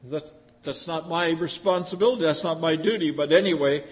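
A man with a high voice preaches in a folksy, conversational manner, tossing rhetorical questions at his listeners. His words ring out with a long hall reverb. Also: fairly quick. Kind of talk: sermon.

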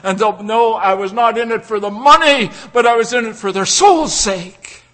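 Guy preaching a sermon, highish bright voice, gets loud then goes quiet, restarts words a lot. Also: normal speed. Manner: emphatic, swings from loud declaring to hushed pleading; repeats and restarts words mid-phrase.

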